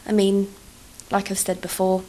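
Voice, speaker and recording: A woman's voice: mid-range voice, completely flat delivery, normal speed, dark tone, a little hiss or hum. Self-mocking English woman, half posh half Cockney. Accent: English, between posh and Cockney. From England. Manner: rambling, self-deprecating, swears freely. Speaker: YouTuber. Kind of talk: casual voice-over chat over gameplay.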